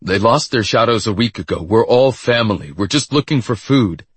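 A man's voice: fairly low pitch, expressive, moderate pace, slightly rough, no echo. A man voicing a jumpy, frightened man with amnesia who pleads with armed hunters in a storybook. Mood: pleading. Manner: shaky, pleading.

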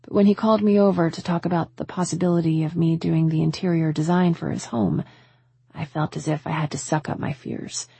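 A woman's voice: low voice, steady tone, fairly quick, gravelly, warm tone, breathy edge, dry recording. A woman narrating a first-person romance audiobook in an intimate, emotional storytelling manner.

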